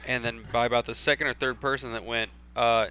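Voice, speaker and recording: A young man from Texas telling a story in casual chat, animated and swearing freely. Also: medium pitch, fast talker. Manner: animated, swearing, acts out voices in his story. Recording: faint background hum.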